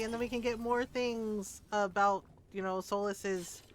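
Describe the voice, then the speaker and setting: A woman's voice: medium pitch, unhurried, few pauses, slight background noise. A woman streaming a game, chatting casually and laughing often, with loose, profane commentary. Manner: animated, laughing, swears, breaks into character voices. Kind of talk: casual gameplay chat.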